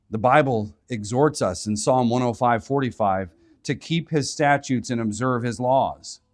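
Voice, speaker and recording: A man preaching a sermon, earnest, with chuckling asides. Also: mid-range voice. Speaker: pastor.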